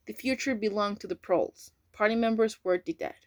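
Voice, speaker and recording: A woman reads a novel aloud at a careful pace, now and then tripping over a word and correcting herself. Her voice sits in a middle pitch and sounds dry and close to the mic. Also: normal speed, no echo. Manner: careful reading with slips and self-corrections. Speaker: reader. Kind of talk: amateur audiobook reading.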